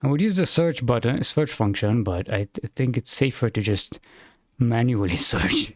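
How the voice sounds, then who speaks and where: A man's voice: medium pitch, lively intonation, normal speed, no echo, clean studio sound. A man streaming a video game, thinking aloud in a hesitant, rambling way. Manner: rambling, hesitant, self-correcting. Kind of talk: thinking aloud while playing.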